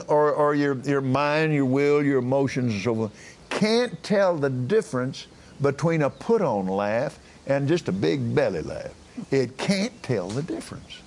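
Slow, gravelly-voiced male preacher outdoors. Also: mid-range voice, a little mellow. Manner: rambling, restarts, chuckles. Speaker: minister. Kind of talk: casual broadcast preaching. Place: backyard, outdoors.

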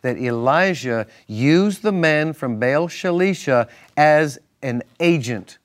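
A man's voice: a little high, expressive, slow pace. A male minister teaching from the Bible on a Christian talk show, emphatic and repetitive in a preacherly way.

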